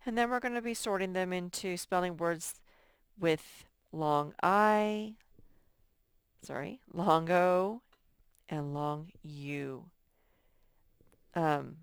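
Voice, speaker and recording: Slow, patient woman teaching young children. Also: fairly low pitch, clear, resonant tone, no room sound, clean studio sound. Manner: slow, patient, thinks aloud while sorting words. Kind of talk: recorded phonics lesson for young children.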